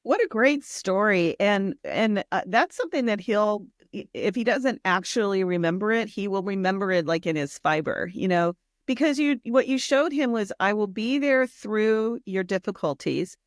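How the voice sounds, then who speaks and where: A woman's voice: mid-range voice, animated, moderate pace, few pauses, no echo, studio quality. A woman co-hosting a podcast, speaking in a reflective, affirming way in casual chat. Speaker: nonprofit founder, podcast co-host.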